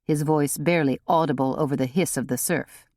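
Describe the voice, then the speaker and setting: Low-voiced woman reading an audiobook, slow, lots of pitch movement, dry close sound. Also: fairly even intonation, warm tone, no room sound. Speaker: audiobook narrator. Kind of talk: scripted narration.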